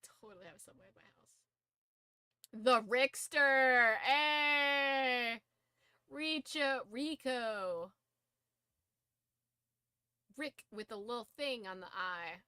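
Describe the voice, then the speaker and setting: A woman's voice: mid-range voice, expressive, unhurried, long pauses, a bit bright, no room sound, studio quality. A young woman streaming casually, who swears freely, laughs a lot and shrieks in disbelief. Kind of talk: casual live-stream chat.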